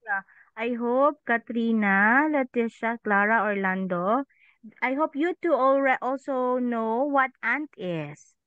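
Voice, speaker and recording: A woman teaching an online English class to children, patient, with a steady stream of questions and "okay"s. Her voice is fairly high and smooth. It comes through thin, phone-like call audio with no room sound. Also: takes it slowly, no room sound. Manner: patient, asks questions, says "okay" often. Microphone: video call microphone.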